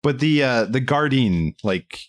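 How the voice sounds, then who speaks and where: A man co-hosting a casual talk, hesitant with many fillers. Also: measured pace. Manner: hesitant, lots of fillers, lively pitch. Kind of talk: casual chat.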